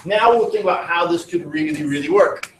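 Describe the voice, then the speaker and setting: A man's voice: on the high side, brisk, reverberant, slight background noise, poor audio. A man teaching a class in a casual, digressive, joking way. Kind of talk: classroom lesson.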